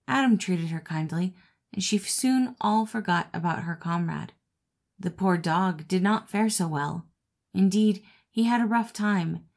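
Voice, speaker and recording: A woman narrating a classic fable as an audiobook reader, in a steady, expressive reading voice. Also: on the low side. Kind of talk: storybook narration.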